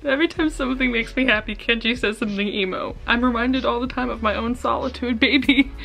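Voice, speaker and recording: A woman's voice: a little high, fairly even intonation, fast talker, gravelly, fairly bright tone, poor audio. A young woman vlogging her live reactions to a book, gasping, shrieking and swearing freely, recorded on a camera at home. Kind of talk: casual reading reaction vlog. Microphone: camera on a stand.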